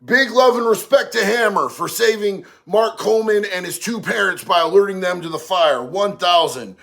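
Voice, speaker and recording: Hosting a laid-back livestream, this man has a high-pitched, slightly bright voice with vocal fry and speaks at a moderate pace. He reads chat messages out loud and responds with streetwise slang, often calling people "bro."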